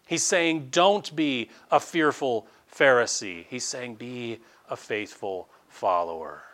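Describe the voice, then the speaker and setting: A middle-aged male pastor preaching a fervent sermon, his pitch leaping up and down with emphasis. He drops to quiet, confiding asides, then surges back into loud, emphatic declarations. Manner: closes in prayer.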